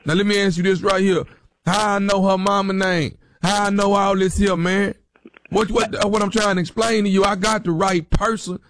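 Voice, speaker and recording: A man's voice: sits high, little pitch movement, moderate pace, a bit bright. A man playing a brash jailed man who phones to claim his girl, insistent and swaggering, on a phone call. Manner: insistent, swaggering, keeps repeating himself.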